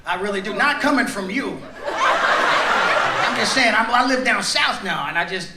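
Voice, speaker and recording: A man's voice: high-pitched, lively intonation, measured pace, heavy background noise. A middle-aged man doing stand-up comedy, joking with and teasing the audience. He speaks into a stage mic in a large theater. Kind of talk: stand-up comedy with crowd work. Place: large theater on a cruise ship. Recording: echoey theater, loud crowd laughter. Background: audience laughing.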